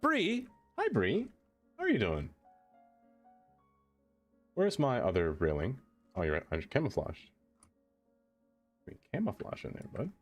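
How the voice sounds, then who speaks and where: A man's voice: medium pitch, wildly swooping pitch, a little slow, pauses often. A young man chatting casually on a live stream as he plays a city-building game. He talks to the things he builds and laughs often. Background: faint music.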